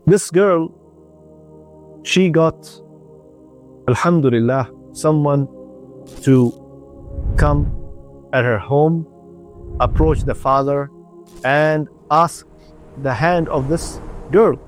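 A man giving a radio sermon, telling a story earnestly in short halting phrases. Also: fairly high pitch, faint music behind. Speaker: religious speaker.

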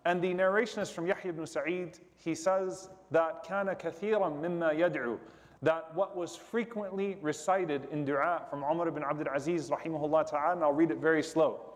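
Guy giving a sermon, pretty high voice, slow and explaining, lots of reverb. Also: fairly even intonation. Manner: explains slowly, repeating Arabic supplications then translating.

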